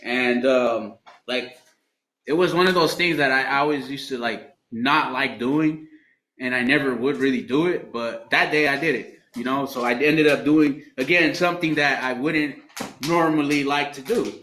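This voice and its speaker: Guy sharing at a recovery meeting, swears a lot, laughs thru it, bright voice, echoey room w some faint noise. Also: medium pitch, normal speed. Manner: profane, laughing storytelling. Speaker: recovery program alumnus sharing his story. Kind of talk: candid share at a recovery meeting.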